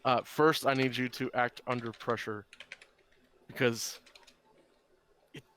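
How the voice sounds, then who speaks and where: A man's voice: mid-range voice, fairly even intonation, slow, pushed and bright, slight background noise. A young man narrating as game master, casual and rambling. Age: young adult.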